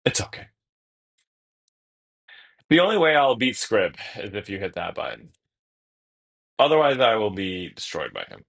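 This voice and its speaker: Fairly low-pitched yet a bit bright, this young streamer's creaky voice swings widely in pitch at a normal speed. He thinks aloud over a card game with casual jokes, muttering, and the odd curse.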